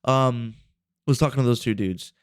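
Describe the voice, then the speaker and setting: A man's voice: mid-range voice, moderate pace, clear, resonant tone, dry recording, clean studio sound. A man in his twenties telling a rambling, profane story on a casual podcast. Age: 20s. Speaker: podcast host.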